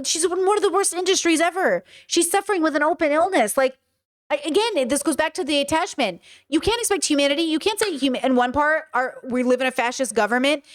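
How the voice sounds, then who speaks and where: A young woman hosting a reaction stream, ranting and exasperated, swearing as she comments on a video. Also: high voice.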